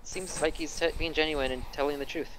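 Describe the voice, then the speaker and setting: A man narrating as game master of a tabletop role-playing game, relaxed and full of fillers. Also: on the high side, fairly quick, slight background noise, poor audio.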